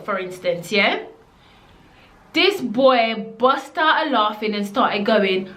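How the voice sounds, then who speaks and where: A woman with a Jamaican accent telling a casual story to camera, animated and slipping into patois. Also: fairly high pitch, moderate pace. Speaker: vlogger. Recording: echoey room.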